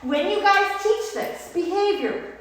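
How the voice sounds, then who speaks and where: A woman's voice: very high voice, animated, slow pace. A woman dog trainer giving an upbeat training lesson and praising a puppy as she explains. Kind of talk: instructional dog training demo. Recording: echoey hall with faint noise.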